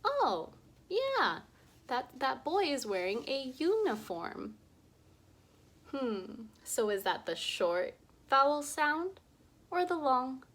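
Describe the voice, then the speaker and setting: Slow, lively woman teaching phonics. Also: high voice. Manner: slow, exaggerated sounding-out of vowels. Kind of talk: early reading lesson for young children.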